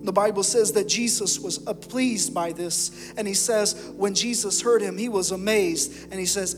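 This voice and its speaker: High-voiced male pastor preaching in a reverberant hall. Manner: impassioned preaching, swinging from loud to hushed. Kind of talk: sermon. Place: church sanctuary. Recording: long hall reverb with music behind.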